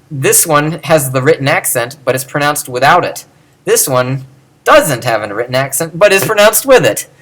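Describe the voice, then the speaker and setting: A man's voice: a little high, a bit bright. Chatty male teacher lecturing casually. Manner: chatty, self-correcting, chuckles at himself. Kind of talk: lecture on Greek accents.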